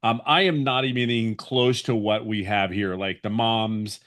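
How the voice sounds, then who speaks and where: A man's voice: lowish voice, steady tone, a little slow, a bit bright. A man in his fifties, a webinar guest giving a personal testimonial in an earnest, rambling way with many restarts. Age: 50s.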